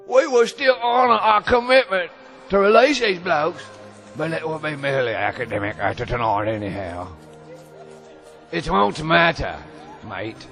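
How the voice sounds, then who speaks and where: A man voicing a boastful middle-aged British naval admiral with a put-on British accent, taunting in slow, drawn-out phrases. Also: fairly high pitch, lively intonation, vocal fry, fairly bright tone, soft background music. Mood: smug.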